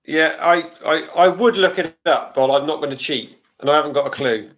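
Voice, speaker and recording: A man's voice: a little high, moderate pace, fairly bright tone, dull audio. A man who is a gardening regular on a chat show, talking in a dry, matter-of-fact way. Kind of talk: casual chat.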